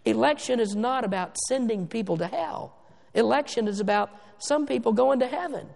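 Man preaching in church, really gravelly high voice, slows way down on the big words, big hall echo. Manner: emphatic, slows down for stress, swings between loud and hushed. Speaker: pastor. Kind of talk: sermon. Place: church sanctuary. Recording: long reverb of a church hall.

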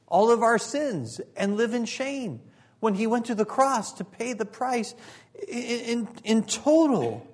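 A male pastor delivering a sermon in a fairly high voice. He speaks earnestly and with emphasis and drops in a joking aside now and then. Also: a little mellow.

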